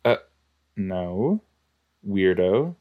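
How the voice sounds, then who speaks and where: A man's voice: deep voice, big pitch swings, drawn-out words, phone-quality sound. A man giving casual, exclamatory commentary while reacting to a show, talking back to the screen. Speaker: reaction video host.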